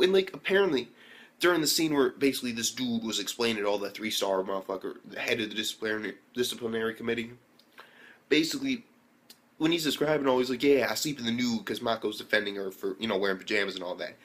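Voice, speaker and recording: A young man recapping an anime episode in casual slang, excitable and full of swearing and fillers. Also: fairly high pitch. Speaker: anime reviewer.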